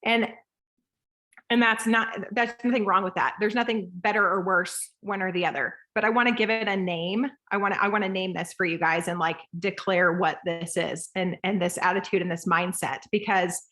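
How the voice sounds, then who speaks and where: A woman in her thirties coaching a group call, lively and rambling, acting out voices as she talks. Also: mid-range voice, moderate pace.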